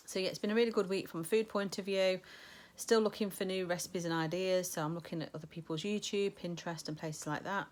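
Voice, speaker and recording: A middle-aged woman chatting casually in a weight-loss vlog, rambling with many ums. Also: lowish voice. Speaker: vlogger.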